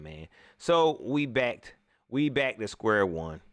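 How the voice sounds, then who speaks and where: A man hosting a casual post-game livestream, slangy and animated, often repeating himself. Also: mid-range voice, slow, no room sound. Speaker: sports talk show host.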